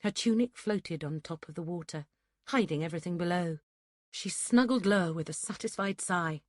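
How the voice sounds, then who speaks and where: Low, dry-voiced woman narrating. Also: normal speed, no room sound. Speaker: audiobook narrator. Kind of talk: scripted narration.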